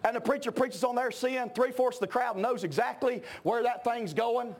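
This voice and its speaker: A middle-aged man preaching a sermon, emphatic and shouting at his peaks. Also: extremely high pitch, moderate pace. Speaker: pastor.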